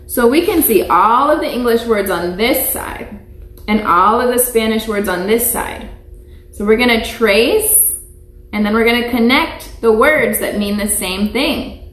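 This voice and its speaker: A woman teaching small children, speaking slowly and patiently with a fairly high voice. She repeats each word so the children can say it back. The sound is echoey, as if from a bare classroom. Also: animated, a bit bright. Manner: slow, patient, repeats words for children to echo. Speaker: preschool teacher. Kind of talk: online lesson for young children. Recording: echoey room.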